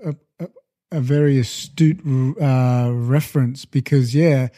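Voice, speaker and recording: A man co-hosting a casual film podcast, relaxed and searching for words, his throat a little off. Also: medium pitch, a little slow. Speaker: podcast co-host. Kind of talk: casual chat.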